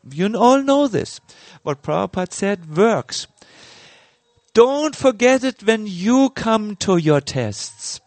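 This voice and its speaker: Middle-aged male spiritual teacher, slow and halting storyteller, slightly high voice, dry close sound. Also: gravelly, no room sound. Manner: slow, halting, many fillers and restarts. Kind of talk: sermon with personal story.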